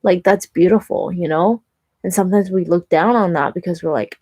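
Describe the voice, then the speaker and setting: A young woman talks straight to the camera in a casual vlog, chatty and lively, with many fillers. Her voice sits a little low for a woman. The sound is dry and close, with no room echo. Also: normal speed. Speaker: vlogger.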